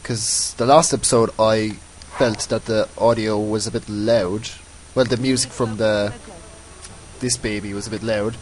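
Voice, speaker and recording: A man's voice: fairly low pitch, fairly even intonation, unhurried, low-quality recording. A man giving casual, rambling commentary over his own gameplay, often mocking himself. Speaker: let's play host.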